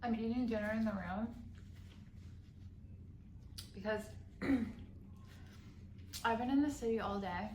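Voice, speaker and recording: A woman's voice: a little high, slow, pauses often, a little mellow. A young woman vlogging casually on her phone, chatty and tired, often laughing. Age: young adult. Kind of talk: casual vlog. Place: city street outdoors, later indoors in a room. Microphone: handheld phone. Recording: noisy street, echoey.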